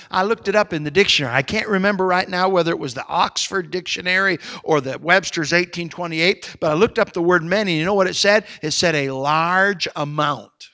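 A male pastor telling a story in a sermon, folksy and animated, with sudden loud swells of emphasis. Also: fairly high pitch.

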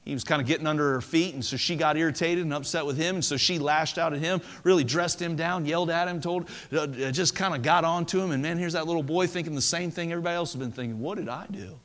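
A man preaching a sermon to a congregation in a church, telling a story earnestly and dropping to a soft voice for emphasis. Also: a little high, quick pace, few pauses. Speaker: pastor. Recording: long hall reverb.

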